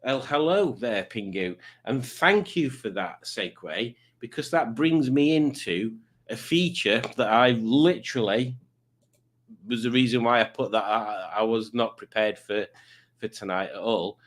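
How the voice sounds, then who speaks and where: A man's voice: medium pitch, a little slow, fairly bright tone. A man hosting a live stream, chatting casually and reading out viewer messages in silly voices. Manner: joking, reads chat messages aloud in silly voices. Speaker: livestream host.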